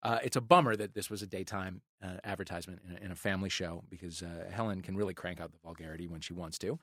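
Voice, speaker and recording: A man's voice: sits low, steady tone, fast, a bit bright, dry recording, clean studio sound. A man hosting a comedy podcast, with wry, playful delivery and crude jokes. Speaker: podcast host.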